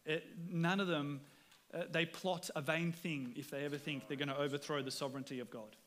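Earnest Australian pastor preaching. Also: male voice, a little high, steady tone, brisk, fairly bright tone. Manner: earnest, conversational, repeats words when starting sentences. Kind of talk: sermon. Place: church.

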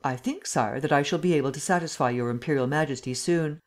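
A woman voicing a self-assured gentleman thief in an audiobook, polite and measured. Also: sits low, close to an everyday voice. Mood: calm.

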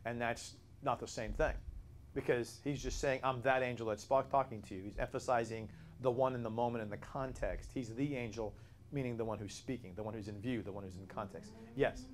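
A man leads a Bible study, explaining with steady emphasis and taking questions from his students. His voice sits at an ordinary middle pitch. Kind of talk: classroom Bible teaching.

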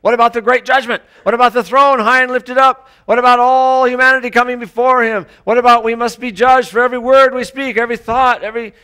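A man's voice: very high voice, fairly even intonation, fast, hardly any pauses, pushed and bright, smooth. A man preaching a sermon in a conversational way, often putting rhetorical questions to the congregation and restarting his sentences with small stammers. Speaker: pastor.

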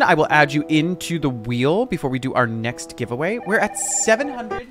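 A man's voice: fairly high pitch, sing-song, moderate pace, over music. A young man chatting sarcastically while playing a game on a live stream, exclaiming often.

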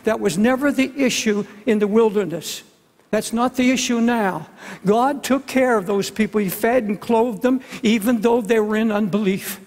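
A man in his seventies delivers a sermon with an earnest, pleading tone, often repeating words as he presses a point. His voice sits high for a man. The sound carries a long reverb from a large hall. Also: moderate pace, darkish tone. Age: 70s. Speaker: pastor.

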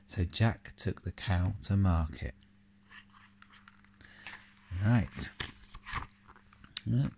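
A man reading a picture book aloud to a child, adding questions and comments between the pages, and speaking softly and tenderly at the end. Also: low-pitched, takes it slowly, gravelly. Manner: animated reading with asides and questions to the listener; soft and tender in closing words. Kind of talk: storybook read-aloud to a child.

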